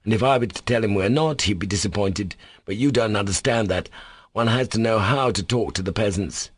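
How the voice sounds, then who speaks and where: A man voicing a cocky, quick-witted schoolboy who talks in a lofty, teasing way in an audiobook reading. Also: fairly low pitch, slightly rough, dry recording. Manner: lofty, teasing, clipped and sure of himself.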